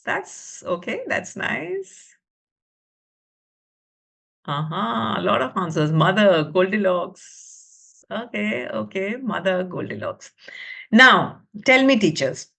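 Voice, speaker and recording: A woman's voice: medium pitch, sing-song, measured pace, creaky, a bit bright. A woman with a South Asian English accent, telling a children's story in a webinar, dropping to whispers for suspense and asking the audience questions. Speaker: teacher trainer leading a storytelling webinar. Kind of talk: animated storytelling to an online audience. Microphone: computer mic on a video call.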